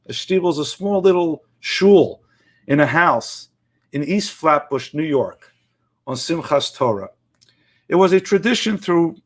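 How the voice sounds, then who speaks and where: A man telling an inspirational story in an earnest, emphatic, measured way. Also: on the high side. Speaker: inspirational speaker.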